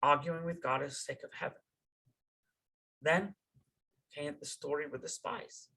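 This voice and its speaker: A man's voice: on the high side, fairly even intonation, measured pace, creaky, sharp tone, low-quality recording. A man teaching a Torah class in a casual, conversational way, often tagging "right?" and repeating or restarting words. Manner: slips into informal slang.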